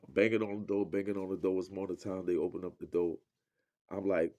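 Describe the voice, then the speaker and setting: A man telling a personal story in a casual, profane, animated way, acting out the lines of other people. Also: low voice, fast talker.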